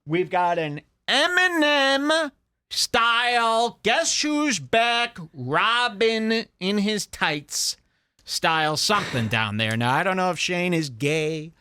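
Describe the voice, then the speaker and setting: A man's voice: big pitch swings, takes it slowly, sharp tone, smooth, no echo. A man hosting a podcast, ranting crudely and mockingly in a comedic style. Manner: mocking, exaggerated, swings pitch wildly. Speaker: podcast host.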